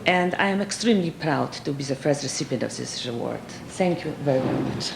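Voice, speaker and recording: A woman from Poland with a Polish accent, giving an earnest, gracious acceptance speech at an awards dinner, pausing often and adding light humor. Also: very deep voice, lively intonation, creaky. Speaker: award recipient and scientist. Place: large dinner hall. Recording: echoey banquet hall with loud background noise.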